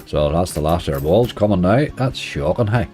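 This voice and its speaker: Mellow low Northern Irish man. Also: expressive, moderate pace, faint music behind. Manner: chatty, grumbling at the game, talks to viewers. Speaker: slots streamer. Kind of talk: casual running commentary.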